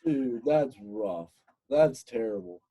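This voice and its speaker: A young man hosting a podcast, chatting in a relaxed way and prompting his guest. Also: medium pitch, slow pace. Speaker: podcast host. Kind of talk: casual chat.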